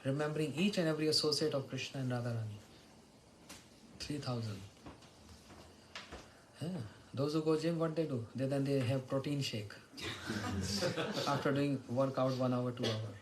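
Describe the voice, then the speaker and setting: A man's voice: mid-range voice, animated, moderate pace, pauses often, background noise. A man giving a devotional morning lecture, telling stories and chanting verses. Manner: storytelling, chants Sanskrit and Bengali verses. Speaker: spiritual teacher.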